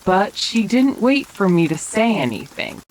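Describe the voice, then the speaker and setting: Slow soft-spoken woman narrator. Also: mid-range voice, sing-song, slight background noise, low-quality recording. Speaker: storyteller. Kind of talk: whispered role-play. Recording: faint rain sounds behind.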